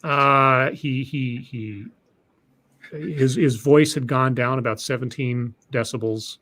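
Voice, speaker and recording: A man's voice: medium pitch, fairly even intonation, slow, sharp tone. A man hosting a podcast, telling a story casually, with many restarts and repeated words.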